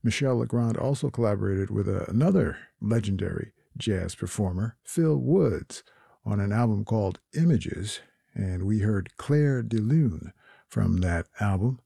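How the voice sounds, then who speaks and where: Gravelly low-voiced guy doing jazz radio, dry close mic, laid back with lots of uhs. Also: a little slow, dry recording. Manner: relaxed, with frequent fillers and restarts.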